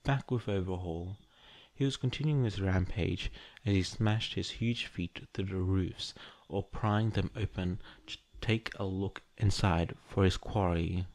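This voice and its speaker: Male fiction narrator, slow and measured, low voice, dry close-miked booth. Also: darkish tone, no echo. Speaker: podfic reader. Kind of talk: scripted narration.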